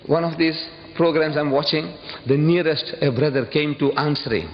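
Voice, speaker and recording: A man giving an impassioned public lecture, emphatic and full of rhetorical questions, his voice leaping into sudden high bursts. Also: moderate pace. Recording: dull old recording, long hall reverb, faint hiss.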